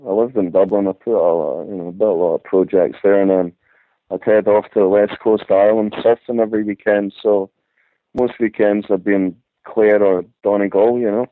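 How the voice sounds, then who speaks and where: A man's voice: fairly low pitch, steady tone, brisk, no echo. A man calling in to a radio show, chatting casually and opening his turns with fillers such as "listen". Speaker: caller. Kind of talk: casual phone-in chat. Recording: tinny dry phone line.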